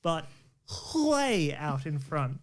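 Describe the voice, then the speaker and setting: Upbeat high-voiced male game host. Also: very animated, drawn-out words. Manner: upbeat, laughing, enthusiastic praise. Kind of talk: playful podcast game hosting.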